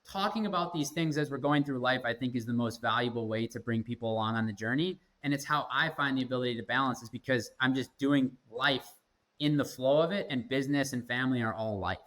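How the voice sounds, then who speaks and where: A man's voice: mid-range voice, fairly quick, a bit bright, rough recording. A man in his thirties, a guest in a casual interview, talking earnestly and with energy, often repeating himself for emphasis. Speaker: guest, company executive.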